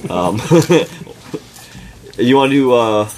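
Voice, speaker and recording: A man's voice: mid-range voice, slow, darkish tone. A man hosting a casual movie podcast, chatty and laughing, full of "like" fillers. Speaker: podcast host. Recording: noisy recording.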